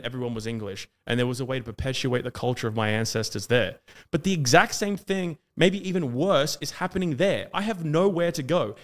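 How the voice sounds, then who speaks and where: Australian man, debate monologue, argumentative, run-on sentences, lots of fillers, average pitch.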